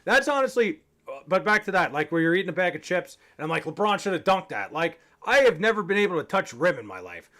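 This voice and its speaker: Speaking to his stream chat, a slightly tipsy young man rambles along with profane jokes. He has a high, sing-song voice with a pushed, bright quality and a quick pace.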